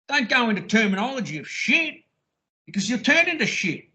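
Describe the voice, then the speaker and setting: A man's voice: very high voice, sing-song, fairly quick, bright, forceful tone. A man on a call, recounting a police stop in a crude, insistent, mocking way. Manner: mocks the officer's lines, crude and insistent. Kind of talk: rambling call-in monologue.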